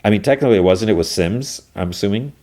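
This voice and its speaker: A man's voice: fairly low pitch, fast talker, darkish tone. A man hosting a podcast, casually recapping a TV episode in a rambling way with lots of filler words. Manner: rambling, many filler words, acts out dialogue. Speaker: podcast host.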